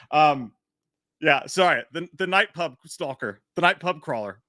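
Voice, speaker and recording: Animated, bright-voiced male livestream host. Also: on the high side, unhurried, no room sound, studio quality. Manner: animated, profane, self-mocking jokes. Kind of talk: casual live chat about a movie.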